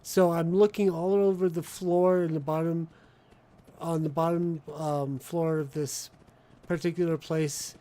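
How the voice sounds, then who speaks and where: Mellow man chatting while he plays. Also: a little high, level tone, a little slow. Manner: thinks aloud while playing, rambling with restarts. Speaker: streamer playing the game. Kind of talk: casual gameplay chat.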